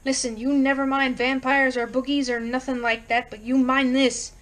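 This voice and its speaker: Woman doing gruff plainspoken old guy, blunt, kinda high for a man. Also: flat delivery, normal speed, a bit bright. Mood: stern.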